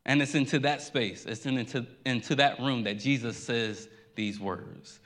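A man's voice: mid-range voice, expressive, moderate pace, few pauses, a bit bright. A man preaching a sermon as pastor, earnest, repeating key lines for emphasis, with occasional stammered restarts.

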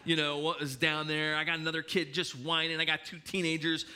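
A middle-aged male pastor preaching in a church, with a very bright, forceful voice. He speaks a little higher than most men and tells his stories in an animated way, often restarting mid-sentence. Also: brisk, clear, resonant tone. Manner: animated storytelling with hesitant restarts. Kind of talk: sermon.

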